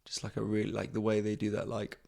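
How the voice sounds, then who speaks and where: A man's voice: lowish voice, monotone, brisk, creaky, darkish tone. A man, a comedian hosting his podcast in a casual, rambling monologue, swearing freely and mocking himself.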